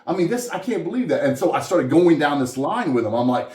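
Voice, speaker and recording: A man from Southwest Louisiana talks fast, telling a story as a guest in a coffeehouse interview. He swings into lively voices when he quotes other people. The room gives his voice a noticeable echo. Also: a little high. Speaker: musician guest. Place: coffeehouse, indoors.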